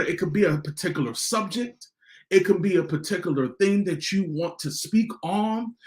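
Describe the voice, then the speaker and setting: A man hosting a motivational podcast, repeating his key lines slowly for emphasis. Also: high voice, reverberant. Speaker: podcast host.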